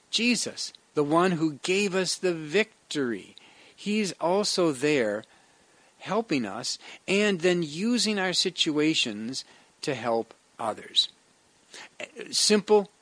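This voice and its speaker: A man's voice: on the high side, fairly bright tone, no echo. A man giving a conversational devotional sermon as a pastor, earnest in tone and often restarting his phrases.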